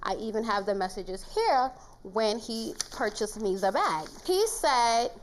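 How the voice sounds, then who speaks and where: A woman's voice: a little high, lively intonation, unhurried, a little hiss or hum, low-quality recording. A woman as defendant giving composed courtroom testimony, reading out messages.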